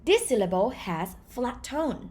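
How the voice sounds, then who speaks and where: Thai-accented woman teaching a language lesson. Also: on the high side. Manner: lively, explains slowly with repeated example words.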